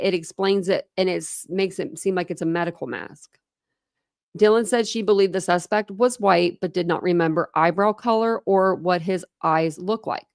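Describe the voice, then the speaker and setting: Chatty woman with a gravelly voice. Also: mid-range voice, darkish tone, dry recording, clean studio sound. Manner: chatty, many "like" fillers, thinks aloud. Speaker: true crime channel host. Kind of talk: reading documents aloud with casual commentary.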